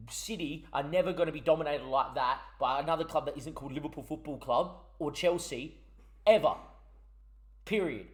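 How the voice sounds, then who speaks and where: A young man, a gaming YouTuber ranting through heated, swearing commentary on a match result. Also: mid-range voice.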